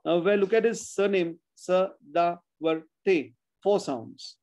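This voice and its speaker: A man's voice: sits high, normal speed, darkish tone. Man teaching spelling online. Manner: explanatory, corrects students, mixes in Hindi. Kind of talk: online class lesson.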